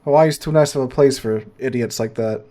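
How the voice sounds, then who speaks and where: Young guy on a game podcast, quick dry quips, mid voice. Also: medium pitch, warm tone. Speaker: podcast co-host. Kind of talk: casual chat.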